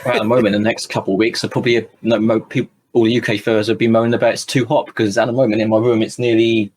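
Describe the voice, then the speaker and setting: A man's voice: fairly low pitch, level tone, a little mellow. A man from the United Kingdom, chatting eagerly on a podcast. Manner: quick, chatty, plugging things eagerly. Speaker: podcast co-host. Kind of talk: casual group chat.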